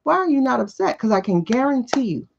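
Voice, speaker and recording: A woman hosting a live tarot stream talks bluntly and with profanity, hammering home her points with repeated rhetorical questions. Her voice sits a little high, with a gravelly edge and wide swings in pitch. The audio is dull and lo-fi. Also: very animated, fairly quick, slight background noise. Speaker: host of a live tarot show. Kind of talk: casual opinionated talk on a livestream.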